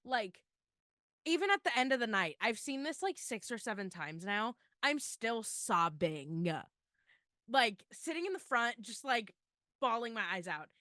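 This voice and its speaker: A woman's voice: a little high, measured pace, no room sound, clean studio sound. A young woman co-hosting a podcast, chatting casually and gushing with emotion, full of "like" fillers. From Florida. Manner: gushing, tearful excitement, lots of "like". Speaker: podcast co-host.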